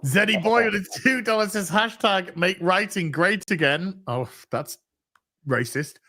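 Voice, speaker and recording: A man's voice: high voice, a little slow, pushed and bright. A man hosting a casual show, reading viewer messages in a dry, offhand way. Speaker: podcast host reading donations. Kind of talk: casual chat.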